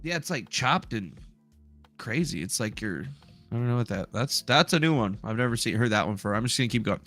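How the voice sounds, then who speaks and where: A man's voice: medium pitch, expressive, brisk, fairly bright tone, soft background music. A man hosting a casual commentary stream, rambling, sarcastic and profane. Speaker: streamer host.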